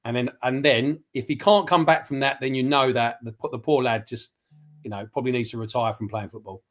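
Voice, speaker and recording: A man's voice: medium pitch, fairly even intonation, brisk. A man giving his football opinions on a casual livestream, rambling and passionate, with many restarts. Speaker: football pundit.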